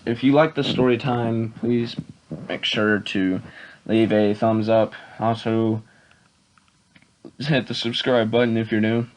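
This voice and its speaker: Young male vlogger, low monotone, casual rambling storyteller, faint background hiss. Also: low-quality recording. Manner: rambling, repeats words and restarts, many "and I'm like".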